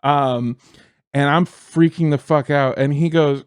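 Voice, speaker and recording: A man co-hosting a podcast, telling a story about his comedy set in an animated, profane way and laughing as he goes. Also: a little high, unhurried, clean tone, dry recording. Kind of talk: casual storytelling chat.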